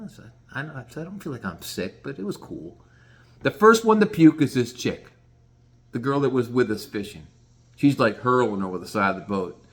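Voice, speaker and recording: A man casually telling a rambling, profane story, often restarting his sentences. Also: medium pitch.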